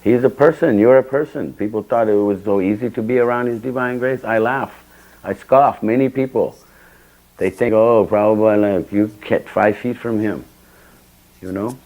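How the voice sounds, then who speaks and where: A man's voice: on the low side, moderate pace, phone-quality sound. An older man giving a temple scripture class, telling personal stories and acting out the dialogue with sudden bursts of emphasis. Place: temple hall.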